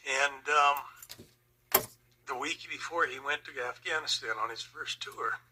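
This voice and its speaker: An older man and Vietnam veteran, telling a personal story slowly and with emotion. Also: mid-range voice, background noise. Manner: slow, emotional, reflective.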